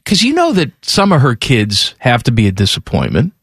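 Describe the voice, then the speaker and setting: A man's voice: mid-range voice, huge pitch swings, moderate pace, a bit bright, husky, no room sound, clean studio sound. A man in his forties hosting a sports radio show, with casual, irreverent, wisecracking banter. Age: 40s. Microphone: studio microphone.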